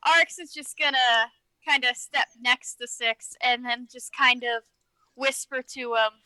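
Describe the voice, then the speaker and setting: A woman playing a tabletop game, speaking softly and tentatively. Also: a little high, steady tone, unhurried, clear, resonant tone, poor audio. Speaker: player. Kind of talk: casual game chat.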